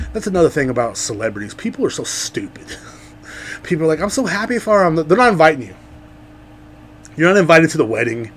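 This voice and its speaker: There's a faint hum behind this podcast host's ordinary mid-pitched voice as he works through a profane, rambling comic monologue alone. He veers between excited, loud bursts and muttering he half swallows.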